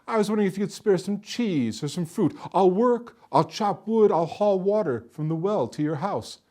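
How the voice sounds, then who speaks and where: A hungry soldier home from the war, polite at first, then a grand, persuasive showman, as a storyteller puts him on. His voice swoops through a lively, wide pitch range, pitched a little above the middle. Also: moderate pace. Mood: pleading.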